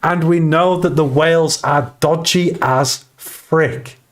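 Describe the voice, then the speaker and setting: A man hosting a casual crypto livestream, reading the chat and talking through charts with bursts of excitement. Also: a little high, slow pace. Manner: excitable, swings between chart talk and shout-outs to chat.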